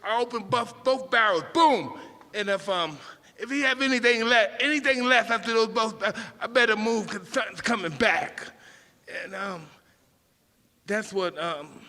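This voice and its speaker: Excitable man rambling through a story. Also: sits high, normal speed, in a large hall. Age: 50s. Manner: rambling, emotional, self-interrupting. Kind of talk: live anecdotal storytelling.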